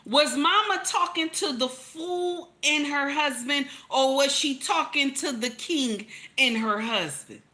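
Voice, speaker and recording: A woman with a fairly high, bright and forceful voice delivers relationship advice commentary. She hammers points home by repeating lines and throwing teasing rhetorical questions at her listeners. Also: slow, few pauses.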